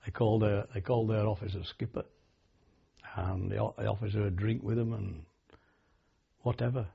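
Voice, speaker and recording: An older man from Britain recalls his army days in an oral history interview, speaking haltingly with many fillers and restarts. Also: fairly low pitch, steady tone. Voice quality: gravelly and raspy. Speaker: war veteran interviewee. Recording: dull lo-fi archival tape.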